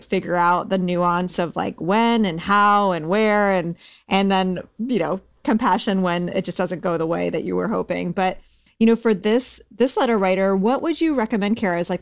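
A woman's voice: on the low side, clear, resonant tone. A woman hosting a podcast, chatting casually and compassionately with a guest, with lots of "like" and "you know". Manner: warm, compassionate, chatty with many fillers. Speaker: podcast host.

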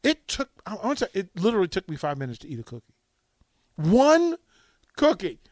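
Male radio host, high lively voice, dry studio sound, animated storyteller. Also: brisk, no echo. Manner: animated storytelling, dramatic swings from loud to hushed. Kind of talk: casual call-in radio chat.

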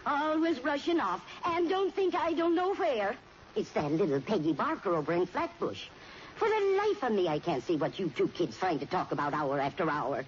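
A woman's voice: mid-range voice, big pitch swings, normal speed, natural voice. An actress playing a scolding, exasperated middle-aged mother in a 1940s radio sitcom. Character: Chester's mother, nagging middle-aged woman. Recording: dull hissy old radio recording.

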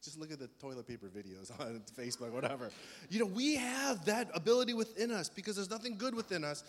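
A middle-aged man preaching a sermon as pastor, conversational and storytelling with animated emphasis. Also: high-pitched, quick pace. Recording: long hall reverb.

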